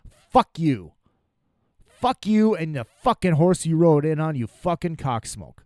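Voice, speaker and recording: A man's voice: fairly high pitch, very animated, moderate pace, a little mellow, no echo, clean studio sound. Profane, exasperated man ranting on a podcast. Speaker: podcast host.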